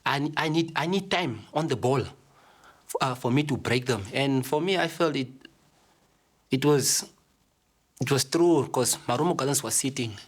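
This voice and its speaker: Relaxed football player recalling the dressing room. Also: male voice, mid-range voice, unhurried, long pauses. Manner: casual, relaxed, fillers like you know. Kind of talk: reflective interview.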